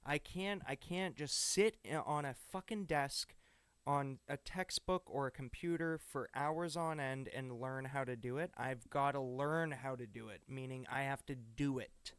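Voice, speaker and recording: Smooth-voiced casual man, dry sound. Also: mid-range voice, unhurried, a bit bright, no room sound. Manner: loose, swearing, acts out quoted dialogue. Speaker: podcast co-host. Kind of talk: casual chat.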